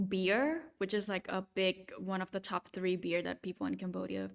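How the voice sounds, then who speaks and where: A woman's voice: mid-range voice, flat delivery, normal speed, gravelly. A woman hosting a podcast on a video call, chatting casually and hesitantly as she walks through her travel photos. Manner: hesitant, many fillers and restarts. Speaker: podcast host.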